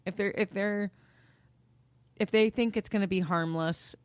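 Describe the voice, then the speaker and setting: A woman's voice: mid-range voice, fairly even intonation, a little slow, clean tone, no echo. A woman co-hosting a true-crime podcast who questions theories and plays devil's advocate in casual chat. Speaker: podcast co-host.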